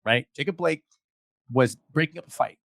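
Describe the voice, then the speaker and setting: A man's voice: on the high side, creaky, fairly bright tone. A man hosting an online discussion show, talking with feeling and stumbling over repeated restarts. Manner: impassioned, halting with repeated restarts. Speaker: podcast host. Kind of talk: emotional casual discussion. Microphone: video call.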